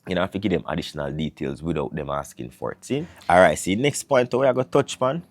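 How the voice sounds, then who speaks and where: A man from Jamaica with a Jamaican accent, giving opinionated commentary to camera, swinging between loud emphasis and low asides. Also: animated, fast talker, dry recording. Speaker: vlogger.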